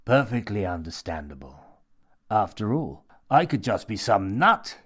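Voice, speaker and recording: A man's voice: fairly low pitch, very animated, unhurried, heavily acted. A man doing a coaxing, menacing mad old man. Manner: smooth, coaxing, lecturing.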